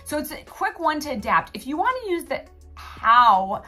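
A native French-speaking woman teaching an online French lesson, upbeat and expressive, stressing each phrase she models. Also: sits high, moderate pace, soft background music. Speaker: French instructor.

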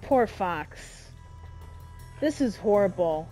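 A young woman giving emotional, dramatic let's-play commentary in casual slang, reacting loudly to what happens in the game. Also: medium pitch, sing-song, slow pace, soft background music. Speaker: gamer.

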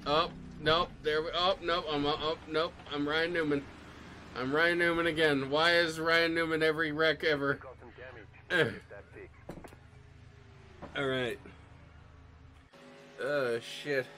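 A man streaming a racing sim, talking to himself in an excitable, jokey way, swearing and breaking into high squeals. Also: slow, long pauses. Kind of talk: live game commentary. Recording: game music and engine noise behind.

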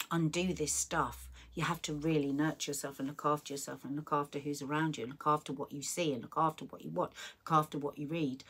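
Middle-aged woman host, low and husky, earnest and encouraging, reads messages then advises. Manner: earnest, encouraging, many restarts and quiet asides. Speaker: podcast host reading viewer messages. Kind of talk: heartfelt live-stream chat.

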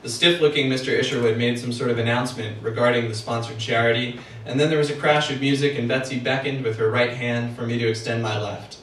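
A man in a mid-range voice reads his novel aloud in steady first-person narration. The echo of a room carries his voice, and a faint murmur sits behind it from a distance. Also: medium pitch, fast, few pauses, a little hiss or hum. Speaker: author. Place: event room for a book party. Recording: echoey room, heard from afar.

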